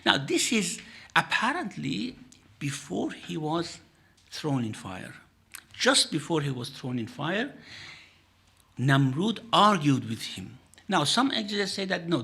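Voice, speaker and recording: A man lecturing on scripture, his voice gravelly and a little husky. The tone is bright and edged. He pauses and restarts often, then rattles off recited verses at speed before translating them. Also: medium pitch. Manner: explains in English, quickly recites Arabic verses then translates; halting, with restarts and fillers. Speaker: religious lecturer. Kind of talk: Quran exegesis lecture.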